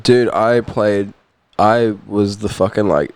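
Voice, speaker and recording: A man with a New Zealand accent, a guest musician, telling a story in casual chat, animated, laughing often and swearing freely. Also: on the low side, slow, no room sound. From New Zealand, Auckland.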